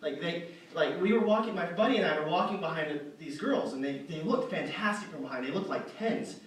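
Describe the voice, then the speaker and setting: On an arts center stage, a young stand-up comedian with a fairly high, brisk voice tells a rambling, self-deprecating story full of fillers and restarts. The recording is distant, in an echoey hall.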